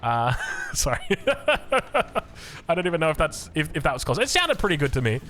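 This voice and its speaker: A young Australian man commentates a strategy game with eager, chatty energy. His voice sits a bit high and leaps around in pitch as he breaks down the play and drifts into rambling side remarks. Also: big pitch swings, rapid-fire, fairly bright tone. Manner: enthusiastic, chatty, rambling asides. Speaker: game caster. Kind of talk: esports commentary.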